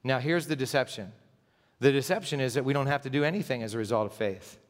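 A man's voice: mid-range voice, fast, long reverb tail. A middle-aged man pastor preaching a sermon in a church sanctuary, chatty and joking with asides. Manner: conversational preaching with jokes and asides.

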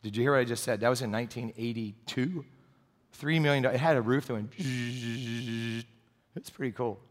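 Middle-aged pastor preaching in an echoing hall. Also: male voice, mid-range voice, fast talker. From New Jersey, US. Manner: conversational storytelling with humor. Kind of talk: sermon. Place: church sanctuary. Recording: long hall reverb.

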